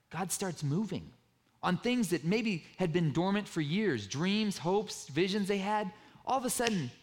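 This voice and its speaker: Middle-aged male pastor, conversational sermon, slightly raised pitch, animated storyteller.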